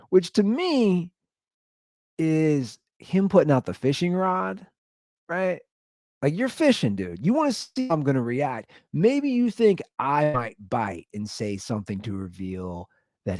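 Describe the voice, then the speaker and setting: A man hosting a podcast, telling comic neighborhood stories in an animated way, laughing and acting out the people he quotes. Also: a little high, unhurried, no echo, clean studio sound. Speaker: podcast host. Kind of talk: comedic storytelling rant.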